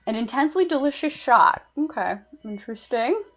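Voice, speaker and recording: A woman's voice: fairly high pitch, expressive, brisk, a bit bright, faint music behind. Giggly woman chatting through makeup. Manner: chatty, giggly, lots of fillers. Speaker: streamer doing makeup. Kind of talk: casual chat while doing makeup.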